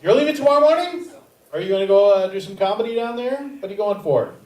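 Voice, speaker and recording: A man's voice: high-pitched, lively intonation, quick pace, recorded from a distance. A man emceeing a comedy showcase, upbeat and chatting with the audience. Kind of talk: emcee crowd work. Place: comedy theater stage. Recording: echoey theater from afar, loud crowd.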